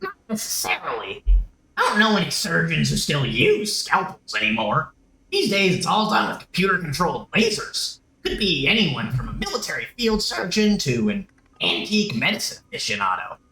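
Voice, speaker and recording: A man voicing a dry, bright dwarf coroner. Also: a little high, very animated, normal speed, creaky, roomy sound, full character voice, low-quality recording. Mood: clinical. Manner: dry, matter-of-fact delivery.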